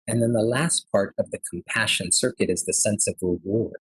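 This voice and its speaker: A man's voice: lowish voice, normal speed, a bit bright, breathy edge, dry recording, low-quality recording. A man in his thirties giving an earnest, conversational lecture at a health forum, telling a personal story with frequent fillers.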